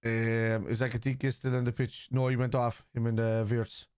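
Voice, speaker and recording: A man's voice: mid-range voice, little pitch movement, normal speed, darkish tone, smooth, dry recording, clean studio sound. A middle-aged man hosting a football watchalong, talking casually and bluntly while reading out and answering viewers' comments. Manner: blunt, combative with chat, reads comments aloud. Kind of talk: casual live-stream chat.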